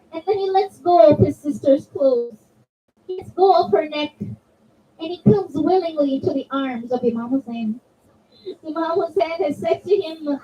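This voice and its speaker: A woman telling a religious story to children at a community gathering, expressive and speaking to them directly. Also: very high-pitched, recorded from a distance, muffled recording, a little hiss or hum. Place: community center hall.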